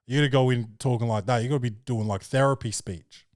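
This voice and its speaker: A man's voice: mid-range voice, fairly even intonation, fast, darkish tone, no echo. Slangy young man, dry sound. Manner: loose, slangy, jokey storytelling. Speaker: podcast host and comedian. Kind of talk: casual podcast chat.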